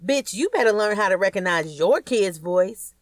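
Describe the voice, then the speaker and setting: Narrator doing a hard-edged confrontational woman, sharp and loud. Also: deep voice, sing-song, unhurried, no room sound, studio quality, recorded from a distance, exaggerated voice. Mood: hostile. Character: hostile tough woman, snapping and scolding.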